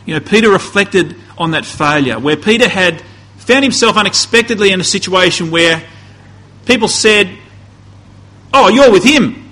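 A man's voice: high-pitched, normal speed, sharp tone, rough recording. A man preaching a conversational sermon, building to emphatic peaks and often restarting his phrases.

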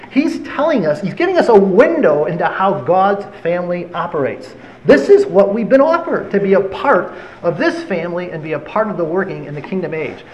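A man preaching a sermon, retelling Bible stories in an animated, conversational way. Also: sits high, a little hiss or hum, rough recording.

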